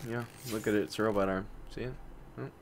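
A man's voice: lowish voice, fairly even intonation, fast, slight background noise. A man giving casual, jokey commentary while playing a game, swapping swear words for mild substitutes. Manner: jokey, swaps swears for minced oaths. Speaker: gameplay commentator. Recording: loud game gunfire behind voice. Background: shooter game gunfire.

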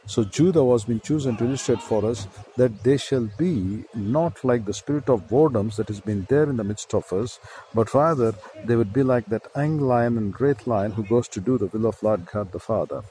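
A man's voice: medium pitch, moderate pace, warm tone, slight background noise, rough recording. A man with an Indian accent preaching a sermon, reading scripture verses aloud and explaining the words one by one.

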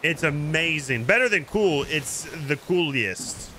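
A man streaming a pirate game, chatting casually and coaching another player with jokey excitement. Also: fairly high pitch, a little slow, a little hiss or hum, rough recording. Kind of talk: casual gameplay chat.

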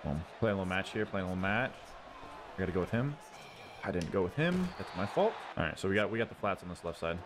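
A man hosting his gaming channel, giving casual running commentary on his own football video game and cheering loudly at big plays. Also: deep voice, animated, fast. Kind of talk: live gameplay commentary. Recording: audible background noise.

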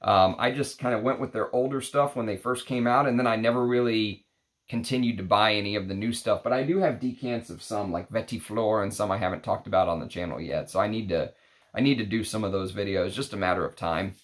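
Low-voiced man rambling through an unboxing. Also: fairly quick. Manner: relaxed, rambling, thinking aloud. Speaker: fragrance reviewer. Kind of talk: casual unboxing chat.

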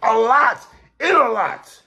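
A podcast host rants in animated commentary, stammering, repeating himself, and shouting for emphasis. His voice is very high-pitched and he takes it slowly.

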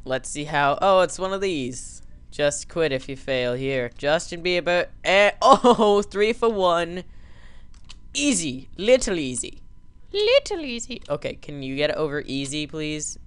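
Let's-play host: a goofy, joking man with a smooth, clear voice and slow delivery. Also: fairly high pitch, expressive, no echo. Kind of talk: gaming commentary.

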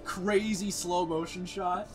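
A man's voice: sits high, fairly even intonation, takes it slowly. A man co-hosting a casual movie podcast, telling rambling stories and laughing often. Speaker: podcast co-host. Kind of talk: casual chat over a movie. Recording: music playing underneath.

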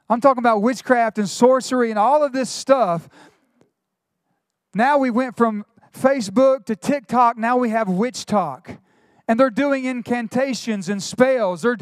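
A middle-aged male pastor, preaching a sermon with quick asides and retold dialogue. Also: very high voice, clean tone, dry recording, clean studio sound.

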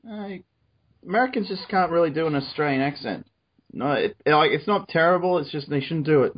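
A man's voice: a little high, fairly quick. A man talks casually over a cartoon episode with friends, laughing easily and circling back on his own sentences. His voice rises and falls freely. The recording is a little dull, like a home mic setup. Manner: animated, laughs often, hedging restarts. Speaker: commentary co-host.

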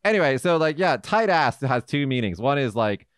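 A man hosting a casual podcast, telling animated stories full of fillers. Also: medium pitch, normal speed, clean tone, no room sound, clean studio sound. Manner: animated storyteller, many fillers. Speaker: podcast host. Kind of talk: casual chat. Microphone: studio mic.

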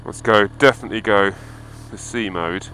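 A man's voice: fairly low pitch, normal speed, pushed and bright, a little hiss or hum, rough recording. A man recording a casual video diary while riding a motorbike through snow, giving a running commentary full of swearing and exasperation. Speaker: motorcycle vlogger.

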